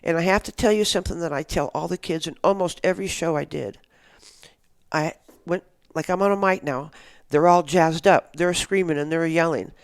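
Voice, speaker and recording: A woman's voice: on the low side, normal speed, no room sound. An older woman, a guest in a podcast interview, telling stories in a rambling, enthusiastic way. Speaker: guest, action sports show organizer. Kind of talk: casual interview chat.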